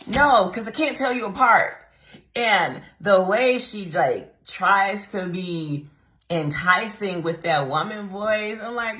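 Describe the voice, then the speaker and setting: A young woman giving a casual, animated book review, laughing often and mocking the characters in put-on voices. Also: mid-range voice, takes it slowly.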